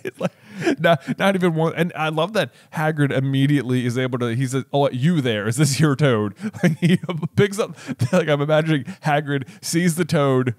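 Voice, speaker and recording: A man co-hosting a casual podcast chat about a book, animated and quick to laugh. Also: fairly high pitch, no echo, studio quality. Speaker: podcast co-host.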